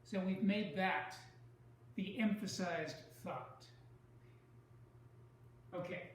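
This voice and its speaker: A man teaching a recorded online writing lesson, explaining step by step in a measured way and leaning on key words. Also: sits high, heavy reverb, recorded from a distance, slight background noise, low-quality recording.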